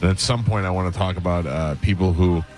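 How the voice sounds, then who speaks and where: A man's voice: low-pitched, fast, darkish tone, soft background music. A man hosting a morning radio show, talking in a loose, joking, rambling way. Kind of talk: casual morning radio banter.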